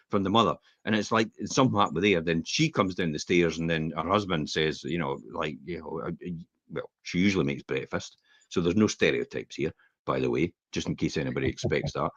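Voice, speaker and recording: A man's voice: sits low, a little fast, dry recording. A middle-aged Scottish man co-hosting a podcast, chatting casually and telling rambling stories with acted-out quotes. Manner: rambling, animated storyteller who acts out quotes. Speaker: podcast co-host. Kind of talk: casual chat, anecdotal storytelling. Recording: dull, slightly lo-fi podcast audio.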